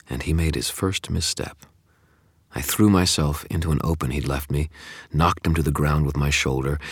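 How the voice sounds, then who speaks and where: A man's voice: a bass voice, creaky, husky, dry recording, clean studio sound. A man giving an intense, dramatic first-person audiobook narration.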